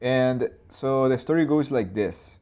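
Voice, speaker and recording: A man in his twenties or thirties hosting a live storyboarding session, talking loosely through his ideas, with restarts and boom and plop sound effects. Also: unhurried, darkish tone. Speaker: animator and channel host.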